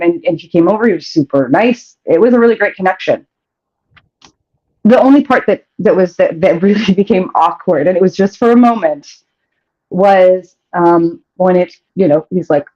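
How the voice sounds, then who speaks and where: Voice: medium pitch, a little mellow. A show host telling a candid story in a casual chat, often laughing mid-sentence and restarting phrases. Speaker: host of a sex advice show. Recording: dull, muffled audio.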